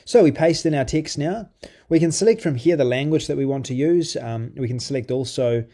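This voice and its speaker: A man giving a loose, conversational walkthrough of a piece of software, full of ums and restarts as he clicks along. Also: a little high, brisk. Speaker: software reviewer. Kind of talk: casual screen-recorded software walkthrough.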